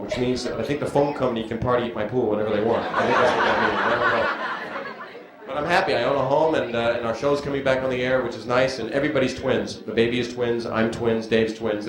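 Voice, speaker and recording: A male stand-up comedian performing a live set, riffing with and teasing the audience from a comedy club stage. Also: medium pitch. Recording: echoey archival club recording with loud crowd noise. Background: audience laughter.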